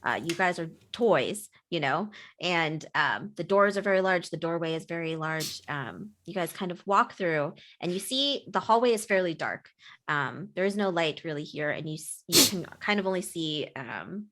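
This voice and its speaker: A woman narrating as game master for a tabletop game, describing the scene and trailing off softly. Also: lowish voice, expressive, moderate pace, a little hiss or hum.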